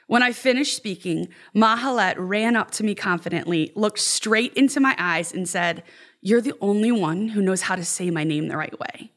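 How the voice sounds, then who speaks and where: A woman who directs youth ministry, telling an earnest personal story to fellow youth leaders and lively when she quotes others. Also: medium pitch, moderate pace. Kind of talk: storytelling testimony.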